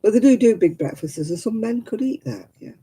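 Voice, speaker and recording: Older woman, husky, very dark mellow voice, rambling livestream chat. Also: fairly high pitch, expressive, a little fast, rough recording. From England. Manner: rambling, chatty, explains local customs. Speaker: livestream host. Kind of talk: casual chat with viewers.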